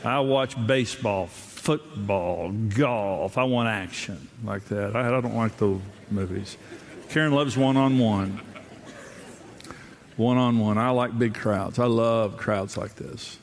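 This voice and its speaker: A man's voice: on the low side, slow, hardly any pauses. A man preaching a humorous sermon to a live crowd, telling self-deprecating stories about his marriage and often restarting and repeating words. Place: large auditorium before a crowd. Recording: reverberant hall with faint ambience.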